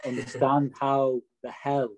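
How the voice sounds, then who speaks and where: A man's voice: mid-range voice, level tone, takes it slowly. A man, a co-host giving wry, opinionated takes in a casual football chat. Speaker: podcast co-host.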